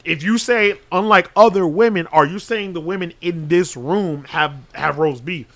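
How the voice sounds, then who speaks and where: A man with a high, bright, sharp voice tells a raunchy story on a casual podcast. He swears freely and keeps slipping into loud, animated quoted voices. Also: moderate pace. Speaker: podcast co-host telling a story.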